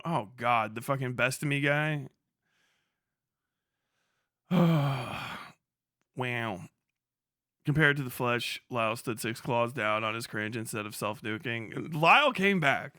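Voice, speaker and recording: A man's voice: medium pitch, pushed and bright, dry recording, studio quality. A young man doing casual livestream commentary, profane and mocking, laughing often as he rambles. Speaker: live streamer.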